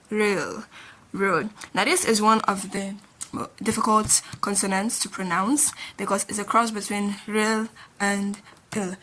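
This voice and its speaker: A woman teaching a beginner language lesson, patiently repeating each sound slowly as she writes. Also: on the high side, sharp tone, slight background noise. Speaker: Korean teacher.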